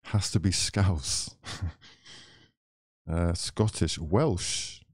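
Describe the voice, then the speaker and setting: A man's voice: low voice, very slow, husky, dry recording, studio quality. A young man hosting a football watchalong, reading out viewer messages and chatting casually, laughing often. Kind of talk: casual chat reading live chat.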